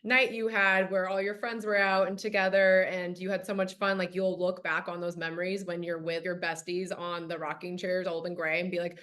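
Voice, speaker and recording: A woman's voice: on the low side, little pitch movement, normal speed, hardly any pauses, a bit bright. A woman hosting a podcast, chatting casually in an enthusiastic, encouraging way and laughing often. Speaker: podcast host. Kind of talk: casual chat.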